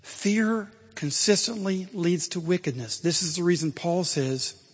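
A man preaching a sermon as pastor, emphatic and rising to loud exhortation. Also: high-pitched, lively intonation, measured pace, husky, long reverb tail.

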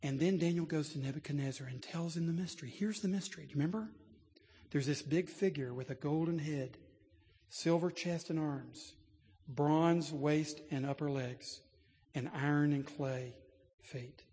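A male preacher delivers a sermon in a large church, his voice sitting a little high. He tells stories earnestly and climbs to animated emphasis. Every word trails off into the long reverb of the sanctuary. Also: moderate pace.

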